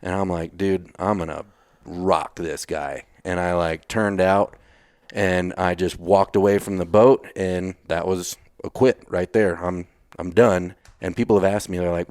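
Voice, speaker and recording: Low-pitched and darkish, a little slow with fairly even intonation, the voice belongs to a Texas man who's a retired Navy SEAL. He guests on a podcast telling blunt, casual stories, swearing casually and reenacting his own past lines, in clean studio sound without echo.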